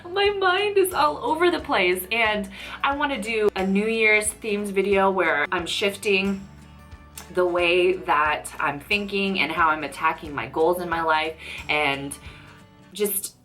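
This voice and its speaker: A woman's voice: lowish voice, takes it slowly, fairly bright tone, faint music behind. A woman in her thirties chatting to camera as a YouTuber, rambling and emotional, often saying "you know". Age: 30s. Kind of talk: casual chat to camera. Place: tenth-floor office.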